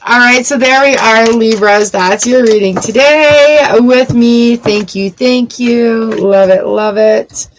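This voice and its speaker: A woman giving a live-streamed tarot reading, chatty and encouraging, slipping into quick little inner voices to make her points. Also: on the high side, a little hiss or hum, low-quality recording. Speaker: tarot reader.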